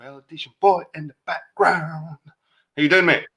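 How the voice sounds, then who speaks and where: A man's voice: fairly high pitch, fairly even intonation, normal speed, creaky, sharp tone. A slightly tipsy Scottish man hosting a livestream, chatty, sweary and rambling in casual conversation. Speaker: livestream host. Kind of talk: casual chat.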